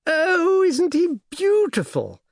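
An excitable young girl gushes in a high, lively voice that leaps up and down, as a man puts her on. She is breathless and eager, and she sounds dry and close in a storybook reading. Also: takes it slowly, no echo, exaggerated voice. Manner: breathless, gushing, high-pitched.

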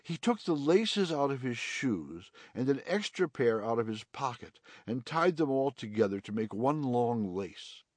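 A man narrating a children's storybook audiobook in an expressive reading style. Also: mid-range voice, unhurried, hardly any pauses, no room sound.

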